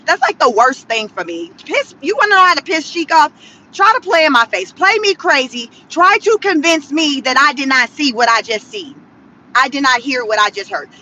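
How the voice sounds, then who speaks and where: A woman vlogging from inside a car, giving sassy, animated commentary and laughing often. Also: sits high, normal speed, slight background noise. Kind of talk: casual commentary vlog.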